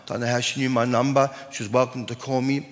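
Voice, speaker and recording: A man's voice: mid-range voice, little pitch movement, fast. A man, a pastor preaching an earnest sermon and reading scripture aloud. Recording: long hall reverb.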